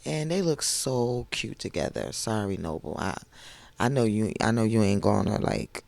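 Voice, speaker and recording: Hoarse, gravelly man gushing over a recap. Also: lowish voice, lively intonation, normal speed, a little mellow, dry recording. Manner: gushing, chatty storytelling with asides. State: hoarse, voice not fully recovered. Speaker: reality TV recap host. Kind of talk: casual TV recap commentary.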